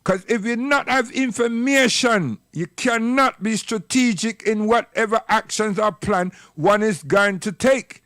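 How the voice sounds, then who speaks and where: A man's voice: high voice, a little slow, few pauses, fairly bright tone, no echo, studio quality. A man giving a rambling, scolding, impassioned livestream monologue. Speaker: livestream commentator.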